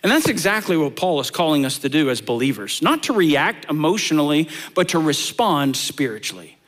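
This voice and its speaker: Talking to his congregation in a conversational sermon, this pastor has a fairly high voice and speaks a little fast. His storytelling is animated and lively, and he leans on rhetorical questions.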